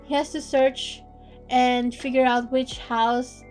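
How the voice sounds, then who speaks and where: A woman recapping a novel in casual chat, laughing often and swearing in animated asides. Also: sits high, slow pace, faint music behind. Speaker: book reader and recap host.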